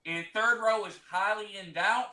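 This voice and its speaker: A man's voice: sits high, moderate pace, sharp tone. A man speaking as a pompous wrestling manager, boasting in character during an interview. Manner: boastful, grandiose. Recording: roomy echo.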